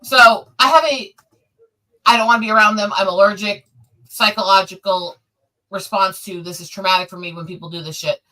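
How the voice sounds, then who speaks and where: Blunt woman with a bright edge. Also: medium pitch, steady tone, a little fast, rough recording. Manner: blunt and emphatic, swears freely. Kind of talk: casual chat.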